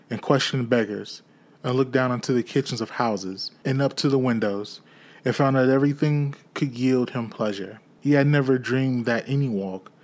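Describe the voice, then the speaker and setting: A man reading a classic novel aloud in a steady, measured storytelling way. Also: medium pitch. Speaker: audiobook reader.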